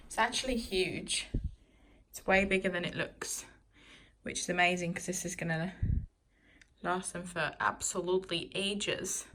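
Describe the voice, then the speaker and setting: A woman's voice: medium pitch, far from the mic, slight background noise. Breathless, gushing pregnant vlogger, young adult woman; camera a few feet back in an echoey living room. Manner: excited, gushing, casual. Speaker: parenting vlogger. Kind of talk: unboxing vlog. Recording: echoey room, camera mic away from her.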